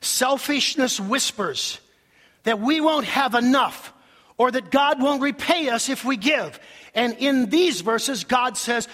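Man, pastor, slow animated sermon, echoing hall. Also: extremely high pitch. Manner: animated preaching with acted-out quotes. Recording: long hall reverb.

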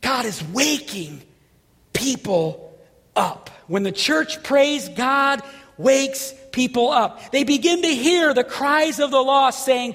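A man preaching a sermon, telling a story with lively energy and shouting at the big moments. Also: very high voice, slow pace, big-room sound. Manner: animated, shouts at story peaks. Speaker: pastor.

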